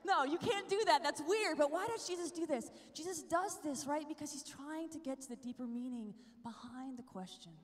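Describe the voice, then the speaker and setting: A young woman giving a lively, chatty preaching talk at a youth conference, often checking in with the crowd. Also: high-pitched, moderate pace, hardly any pauses. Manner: energetic, chatty, asks the crowd "right?" often. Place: large conference hall with a live crowd. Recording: live talk in a big reverberant hall.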